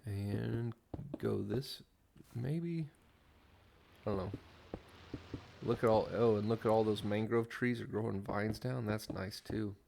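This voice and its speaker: A man giving relaxed, rambling commentary while playing a building game. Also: fairly low pitch, creaky, slight background noise. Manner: slow, rambling, easygoing. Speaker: Minecraft player.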